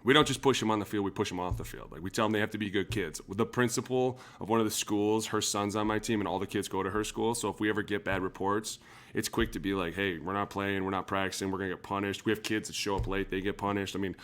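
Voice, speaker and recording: Low-voiced animated man telling stories. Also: fast talker. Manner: animated storyteller, acts out quotes. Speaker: former NFL player and podcast analyst. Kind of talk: casual podcast chat.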